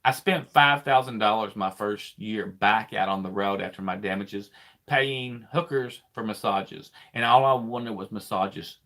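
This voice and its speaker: A man's voice: lowish voice, unhurried, a bit bright. A man, a trucker hosting a casual live chat, rambling and repeating himself as he talks. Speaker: trucker and channel host.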